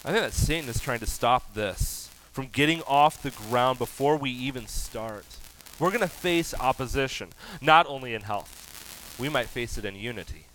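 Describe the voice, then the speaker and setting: A man preaching a sermon as pastor, animated, rising loud for emphasis. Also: mid-range voice, moderate pace, slight background noise, rough recording.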